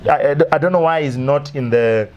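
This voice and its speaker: A man hosting a casual football talk show, listing players with lots of fillers and quick asides. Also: mid-range voice, lo-fi sound. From Kenya. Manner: lively, lists names quickly with many fillers. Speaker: sports show host.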